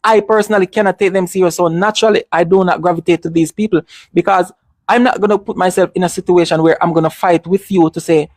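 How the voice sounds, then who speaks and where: A man's voice: sits high, steady tone, quick pace, a little mellow, no echo. A man in casual discussion, speaking emphatically, repeating his points and restarting often.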